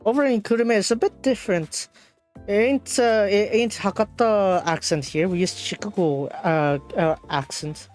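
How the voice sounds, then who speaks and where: A woman streaming a game, reading the dialogue aloud and translating it, with halting speech full of fillers and restarts. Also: medium pitch, a little mellow, soft background music.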